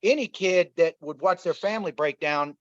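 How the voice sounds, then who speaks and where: A man's voice: sits high, normal speed, no room sound. Earnest storytelling man, dull dry audio. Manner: earnest, repeats himself, addresses listeners as y'all. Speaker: interview guest. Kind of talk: emotional personal storytelling. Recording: dull, slightly lo-fi dry sound.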